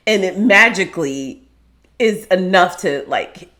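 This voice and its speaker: A woman co-hosting a casual podcast chat, animated and laughing, who acts out dramatic voices. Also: fairly low pitch, measured pace. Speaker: podcast co-host.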